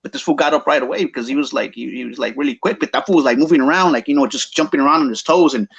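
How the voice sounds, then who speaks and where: A man's voice: medium pitch, rapid-fire, creaky, hardly any pauses, a bit bright, slightly rough, highs cut off. A man with a Chicano English accent telling a story casually, slangy and mixing English with Spanish.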